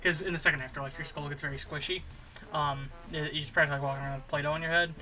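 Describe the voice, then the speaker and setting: Guy rambling thru an improv story, lots of ums, bright kinda high voice. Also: fairly even intonation, racing. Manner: rambling, full of fillers and restarts. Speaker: comedy channel host.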